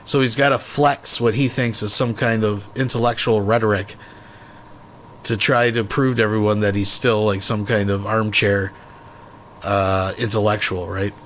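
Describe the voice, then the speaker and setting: A man's voice: on the low side, fairly even intonation, normal speed, a bit bright, slight background noise. A man hosting a commentary stream, mocking a played clip in a sarcastic, profane way. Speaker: reaction commentary host.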